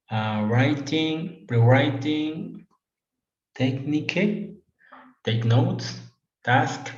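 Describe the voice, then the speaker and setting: Slow student from Bolivia reading. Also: male voice, mid-range voice, a little mellow, reverberant, highs cut off. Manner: reads a list haltingly, with hesitations.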